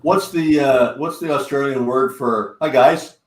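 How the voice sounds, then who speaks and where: A man from Canada who founded a tour company, chatting over a video call in an excitable, halting way. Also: mid-range voice. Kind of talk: casual video call chat. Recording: roomy, distant from mic.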